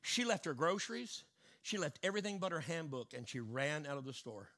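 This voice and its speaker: A male preacher with a high, bright voice delivers a sermon at a fairly quick pace. He tells stories in hushed asides and then rises into loud declarations.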